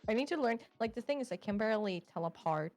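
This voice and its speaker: A woman guest in a casual chat, animated and giggly, a little self-conscious. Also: a little high, fast talker, soft background music.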